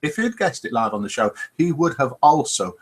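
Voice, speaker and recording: A man's voice: mid-range voice, big pitch swings, brisk, breathy edge. A man hosting a live online show, chattily reading out scores and greeting viewers by name. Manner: chatty, reads out scores and names. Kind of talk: casual live-stream hosting.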